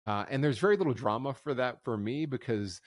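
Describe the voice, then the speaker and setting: A man hosting a wrestling recap podcast, talking in a casual, opinionated and wry way, with quick restarts. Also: medium pitch, expressive, no room sound, studio quality. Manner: opinionated, wry, talks fast with filler restarts.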